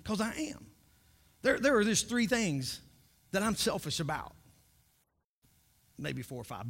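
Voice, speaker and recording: A man's voice: high voice, sharp tone, breathy edge. A man preaching a humorous sermon as pastor, joking and often repeating words as he starts sentences.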